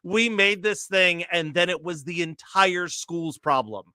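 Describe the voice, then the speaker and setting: Laughing, rambling man with a bright voice. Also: high voice, measured pace, smooth, dry recording, clean studio sound. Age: late 30s. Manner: rambling storyteller, many fillers, laughs often. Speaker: co-host. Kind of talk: casual chat.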